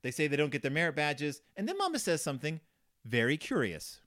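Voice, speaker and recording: A man's voice: a little high, wildly swooping pitch, fairly quick, a bit bright. A man hosting a podcast, casually and jokingly reviewing a children's book with lots of asides and filler words. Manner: rambling, jokey, full of "like" and asides, puts on silly voices for characters. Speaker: podcast host.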